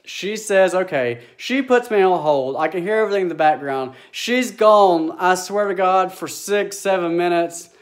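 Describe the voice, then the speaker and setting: A man telling a story in a casual, exasperated, animated way, acting out bits of dialogue. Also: high voice, moderate pace, hardly any pauses. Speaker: vlogger.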